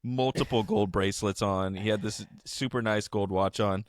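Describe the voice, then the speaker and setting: A man's voice: lowish voice, normal speed. A young man co-hosting a podcast in casual chat, telling stories with lots of swearing and laughter. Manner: animated storyteller, swears freely, laughs often. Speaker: podcast co-host.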